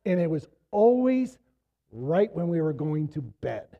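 A middle-aged man preaching a sermon with a slightly high voice that is wearing thin. He tells stories casually, then pushes into emphatic exhortation. The recording sounds muffled and lo-fi. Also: big pitch swings, unhurried, creaky. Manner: conversational storytelling, rising to emphatic exhortation. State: losing his voice. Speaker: pastor.

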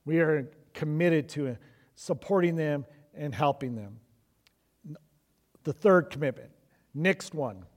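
A man's voice: fairly high pitch, takes it slowly, pauses often. Emphatic man preaching a sermon. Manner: emphatic preaching, repeats key lines for stress. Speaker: pastor.

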